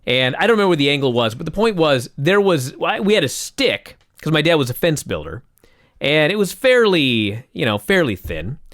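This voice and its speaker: Animated sarcastic man telling stories. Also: fairly high pitch, normal speed, no echo, studio quality. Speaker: podcast co-host. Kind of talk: casual wrestling recap chat.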